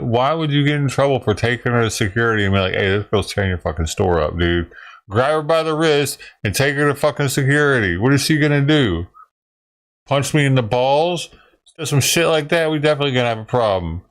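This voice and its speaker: A man's voice: medium pitch, lively intonation, a little fast, a bit bright. A man reacting to a video in casual, crude and heavily profane commentary, sounding exasperated. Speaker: reaction streamer.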